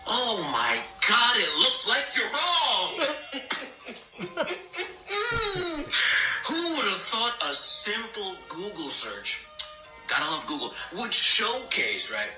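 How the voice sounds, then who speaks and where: A man's voice: sits high, wildly swooping pitch, slow, pushed and bright. A man reacting to a clip with sarcastic, mocking commentary and laughing asides. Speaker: video reactor. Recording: roomy echo with faint music.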